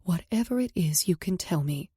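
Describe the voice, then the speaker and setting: A woman voicing a loving middle-aged mother who speaks softly and reassuringly. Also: on the low side, animated, normal speed, breathy edge, dry recording, studio quality. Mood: gentle, caring. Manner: soft, reassuring.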